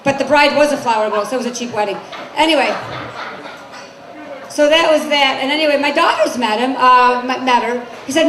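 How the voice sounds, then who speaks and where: This stand-up comedian, a woman in her forties, speaks fairly quickly in a high-pitched voice, chatting brassily and quizzing the crowd. The club is echoey, with audience laughter and ambient room noise throughout.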